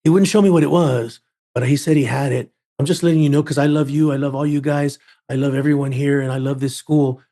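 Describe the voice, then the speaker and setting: A man's voice: mid-range voice, fairly even intonation, quick pace, warm tone, lightly acted. A man voicing a friendly, eager teenage boy student as he retells a story. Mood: earnest.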